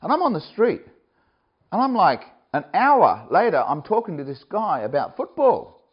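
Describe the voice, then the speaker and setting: A man's voice: sits high, normal speed, slightly rough. A man preaching as a missionary, telling stories and acting out what people said. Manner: animated storyteller, acts out quoted dialogue with laughs. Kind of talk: sermon with personal stories. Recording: dull lo-fi recording.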